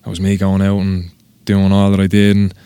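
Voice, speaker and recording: A man's voice: low-pitched, completely flat delivery, fairly quick, warm tone, smooth, dry recording, clean studio sound. A man with an Irish accent, a tattoo artist guest talking casually on a podcast, rambling and swearing with self-mocking humor.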